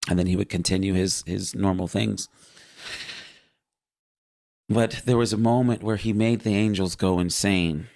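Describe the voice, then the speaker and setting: A man's voice: sits low, fairly even intonation, measured pace, creaky, long pauses, a little mellow. A man earnestly recounting a vivid spiritual vision in casual spoken testimony. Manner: earnest, vivid storytelling with fillers.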